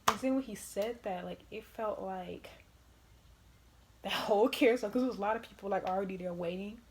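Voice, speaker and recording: A young woman vlogger telling casual stories in an animated way, laughing often and swearing freely. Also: mid-range voice, brisk. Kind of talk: casual storytime.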